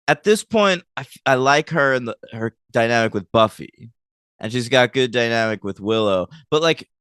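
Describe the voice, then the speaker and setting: A man co-hosting a podcast recaps a TV episode in a casual, animated chat, teasing his co-host and laughing often. His mid-range voice is smooth and fairly bright at a moderate pace, and the recording is dry and of studio quality.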